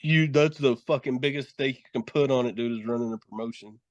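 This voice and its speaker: A middle-aged man spins long, profane stories in a loose podcast conversation, cursing freely and laughing between lines. His voice sits at an ordinary pitch and sounds dry and close, with no room around it. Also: brisk, dry recording, muffled recording. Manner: profane, rambling storytelling with laughs. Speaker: guest, wrestler and horror host. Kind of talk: casual podcast chat.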